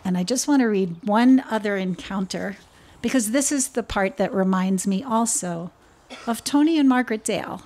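A nervous woman speaking at a memorial service in a church, reading a children's story aloud with a few halting restarts. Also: mid-range voice, darkish tone.

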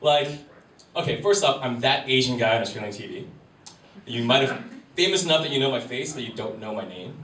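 Speaking at medium pitch, fairly quick and animated with a fairly bright tone, a man in his 30s from Wisconsin, USA, performs rambling, self-deprecating stand-up at a comedy club. The sound is roomy and live, captured from a distant mic amid crowd ambience, room noise and the audience.

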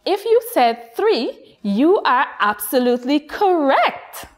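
A woman from Guyana teaching a nursery phonics lesson, speaking slowly and encouragingly to young children. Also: high-pitched, sing-song. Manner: slow, lilting, encouraging teacher voice addressing children.

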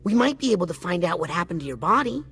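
A woman's voice: fairly low pitch, big pitch swings, fast. A woman voicing an earnest, polite young psychic boy in a video game, talking in a matter-of-fact, kindly way. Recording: game audio with music behind.

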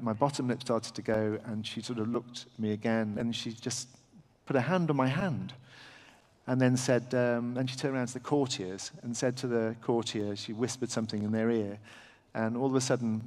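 A middle-aged English man tells a live anecdote to a festival crowd. He talks in a halting, self-deprecating way, with many fillers and restarts. His voice sits mid-pitch and rings with the long reverb of a big hall. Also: steady tone, darkish tone. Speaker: surgeon telling a story on stage. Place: large festival venue with audience.

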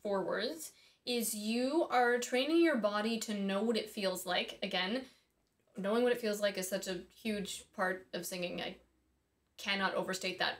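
A woman's voice: medium pitch, normal speed. A woman teaching singing in a casual, chatty way, thinking aloud and dropping in small asides as she explains. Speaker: voice and harp teacher. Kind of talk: casual instructional talk.

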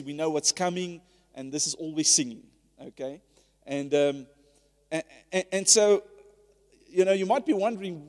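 An earnest man preaching a sermon to his church, his slightly raised voice carrying a long hall reverb. He talks conversationally, repeating and restarting phrases as he builds his point. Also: fairly high pitch. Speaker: pastor.

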